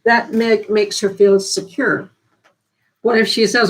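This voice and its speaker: A down-to-earth woman talks casually on a live stream, giving practical care advice in an earnest, homespun way. She restarts and repeats bits of sentences as she works out her thoughts. Her voice sits at a middling pitch for a woman. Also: little pitch movement, slow pace, low-quality recording. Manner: repeats and restarts phrases while thinking aloud.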